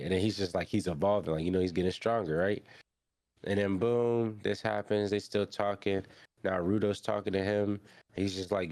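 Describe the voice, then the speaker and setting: A young man hosting an anime podcast, recapping an episode in animated, slangy storytelling full of fillers and restarts. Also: low-pitched, moderate pace, no room sound, clean studio sound.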